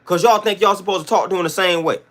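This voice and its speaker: A man's voice: high-pitched, fast talker, fairly bright tone. Blunt, slangy man ranting to his chat. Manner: emphatic, repetitive, slangy, blunt. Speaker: livestream host. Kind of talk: livestream rant to chat.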